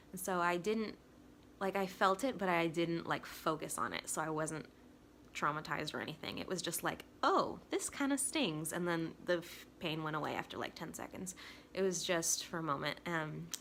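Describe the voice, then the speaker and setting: Excitable chatty young woman. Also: fairly low pitch, a little hiss or hum. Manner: excitable, chatty, talks with 'like' often. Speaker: vlogger. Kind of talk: casual personal storytelling.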